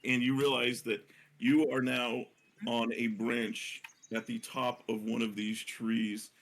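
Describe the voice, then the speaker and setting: A man narrates a tabletop game as game master. He hesitates often, with many fillers and self-corrections. His voice sits at an ordinary middle pitch. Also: flat delivery, slow, fairly bright tone.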